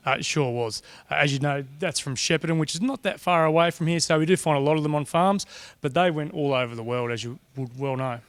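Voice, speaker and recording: A man with a slightly higher voice answers in a relaxed, measured way, pausing on plenty of fillers. The sound is dry and close, with no room echo. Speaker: collection guide. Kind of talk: casual interview answers.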